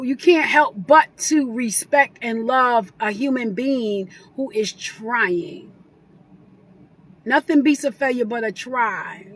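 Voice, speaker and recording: A middle-aged woman talking casually and sentimentally as a guest on a live video chat. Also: high-pitched. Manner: warm, chatty, sentimental.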